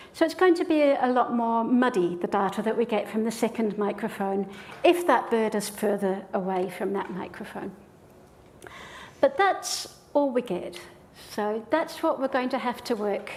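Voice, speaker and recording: A woman's voice: a little high, darkish tone. Enthusiastic woman lecturing on statistics. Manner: enthusiastic, explanatory. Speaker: statistics professor giving a lecture. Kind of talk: public lecture. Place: lecture hall with an audience.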